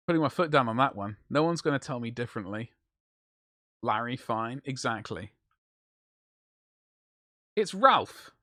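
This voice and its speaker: A man's voice: mid-range voice, brisk, a bit bright, dry recording, clean studio sound. A man streaming live while he paints, rambling and joking in casual banter with his chat. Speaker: livestreamer.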